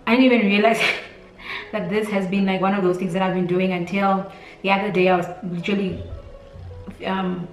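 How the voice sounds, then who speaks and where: A young Namibian-accented woman speaks to her viewers in a heart-to-heart vlog, emotional and near tears. She rambles, filling her sentences with "like" and "literally". Her voice sits at a middling pitch and sounds distant in a roomy space, with faint music underneath. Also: level tone, moderate pace, pauses often. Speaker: beauty vlogger. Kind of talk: intimate heart-to-heart talk to camera.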